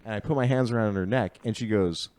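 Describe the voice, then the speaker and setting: A middle-aged man telling comic stories on a podcast, laughing often and sinking low and quiet in the middle of a tale. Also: fast, no echo. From Southern California. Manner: animated, laughs often, drops low and quiet mid-story. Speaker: podcast co-host. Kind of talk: casual comedic storytelling. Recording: faint background noise.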